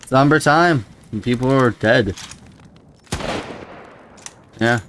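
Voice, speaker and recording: A man with a mid-range, slightly bright voice talks slowly over a faint hiss or hum. He's casually commenting on a video game as he plays, rambling and musing aloud and often letting out startled exclamations, like a relaxed let's-play commentator.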